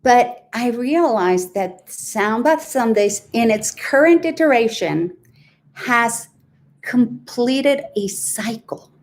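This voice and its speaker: A woman's voice: a little high, expressive, slow pace. A woman hosting a weekly livestream, talking candidly and emotionally in an earnest, reflective, rambling way. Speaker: host of a weekly sound bath livestream. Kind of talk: candid heartfelt livestream talk.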